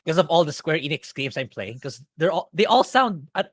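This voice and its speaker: A man co-hosting a casual podcast, animated and opinionated as he builds up his points. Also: fairly high pitch, a little fast. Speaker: podcast co-host.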